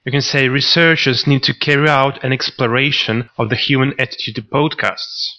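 A man co-hosting a podcast, teaching vocabulary in a scripted lesson and reading out example sentences in a measured way. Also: mid-range voice, fairly even intonation, sharp tone. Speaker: podcast co-host. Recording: dull lo-fi recording.

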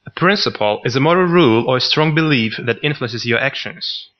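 A man co-hosting a podcast, teaching vocabulary in a scripted lesson and reading out example sentences in a measured way. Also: mid-range voice, animated. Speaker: podcast co-host. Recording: dull lo-fi recording.

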